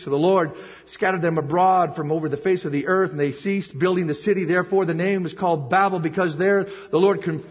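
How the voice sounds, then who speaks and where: A man preaching a sermon with emotion and emphasis, often rising to a shout, in an echoey hall on a dull, lo-fi recording. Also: high voice, slightly rough. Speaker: pastor.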